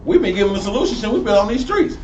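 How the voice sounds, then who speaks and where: A man teaching scripture on the street in a preachy, animated way, full of slang and rising to near-shouts. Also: sits high, very fast, muffled recording. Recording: roomy, distant mic with faint noise.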